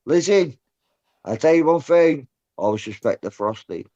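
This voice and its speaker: On a rowdy voice-chat show heard through dull lo-fi audio, a man with a mellow voice on the high side talks at a moderate pace with lively intonation. He swears, rambles, and tags "lad" or "mate" onto almost every phrase.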